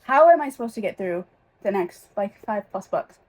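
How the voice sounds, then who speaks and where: A woman's voice: medium pitch, lively intonation, moderate pace, darkish tone. A young woman chatting casually in a reading vlog, emotional and rambling, with many fillers and restarts. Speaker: reading vlogger.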